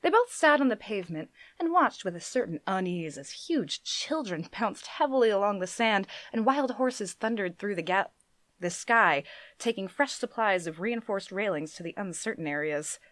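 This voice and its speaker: A woman narrating a book in a live reading, with expressive delivery. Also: medium pitch, moderate pace, no echo. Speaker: reader.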